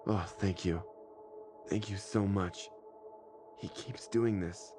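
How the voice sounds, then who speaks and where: A man's voice: deep voice, steady tone, slow pace, over music, pitched above the performer's own voice. A man voicing a frantic, tired young mother who is flustered and grateful, in a scripted horror story reading.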